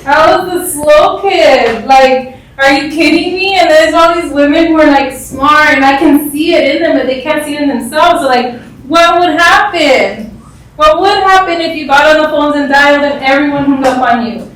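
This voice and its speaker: High, blunt-talking woman in an echoey room. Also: fairly bright tone, slight background noise. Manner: blunt and straight-talking, quick to laugh. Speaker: speaker sharing personal stories with a group. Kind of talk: casual storytelling talk. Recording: echoey room from a distant mic.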